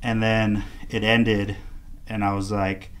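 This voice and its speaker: A man's voice: fairly low pitch, slow. A man, a guest casually telling a story and acting out the other people in it. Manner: animated storyteller acting out quoted dialogue. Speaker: podcast guest, artist.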